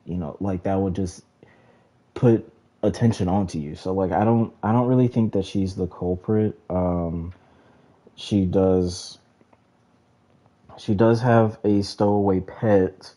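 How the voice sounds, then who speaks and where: A man's voice: deep voice, takes it slowly, pauses often, mellow. A young man casually commenting on a detective game, rambling with lots of filler words. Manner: rambling, heavy use of "like". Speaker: let's play gamer.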